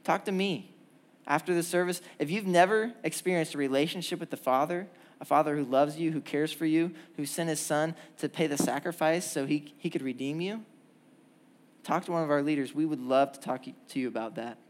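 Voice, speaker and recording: A young man preaching to a church gathering, earnest and full of lively stories. His voice sits a little high and carries through a church hall. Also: brisk. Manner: animated storytelling, lively and earnest. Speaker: pastor. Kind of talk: sermon.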